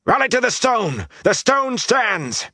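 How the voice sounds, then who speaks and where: A man voicing a young male swordsman who shouts defiant battle cries in an audiobook. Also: very high voice, very animated, slow pace, no room sound, clean studio sound, voice pushed up, exaggerated voice.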